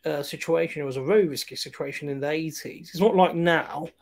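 A man's voice: a little high, brisk, vocal fry. A man co-hosting a film review show in casual chat, hesitant, with many fillers and restarts. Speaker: film review podcast co-host.

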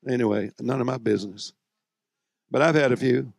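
Gravelly, emphatic male preacher. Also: mid-range voice, brisk, pauses often, dry recording. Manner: emphatic, drawling, swinging between loud and hushed; folksy, joking asides to the congregation. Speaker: visiting preacher. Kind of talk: fiery sermon.

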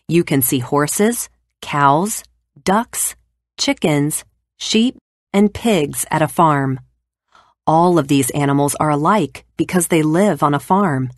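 A woman narrating an educational read-aloud for young children in a clear, steady way. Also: sits low, no echo, studio quality.

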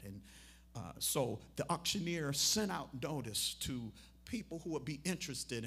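A man delivers a memorial sermon in a husky, mid-range voice. He tells a parable with acted-out voices and rises into loud, emphatic calls to his listeners. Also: medium pitch. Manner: storytelling that acts out quotes and swells to loud emphatic appeals. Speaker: preacher at a memorial service.

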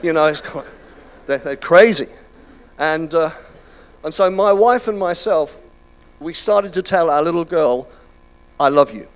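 A man's voice: fairly high pitch, measured pace, pauses often. An older man preaching a sermon in a chatty, self-deprecating way, with many fillers and restarts. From United Kingdom. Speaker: pastor. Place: church hall.

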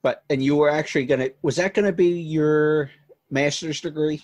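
A man hosting a podcast interview, asking halting questions full of fillers. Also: on the high side, fairly even intonation, a little mellow, highs cut off. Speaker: podcast host. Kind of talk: casual interview.

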